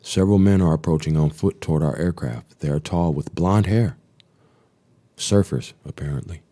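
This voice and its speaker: A man with a low, mellow voice hosts a live stream and reads a diary aloud. He keeps breaking off for profane, sarcastic commentary. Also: moderate pace.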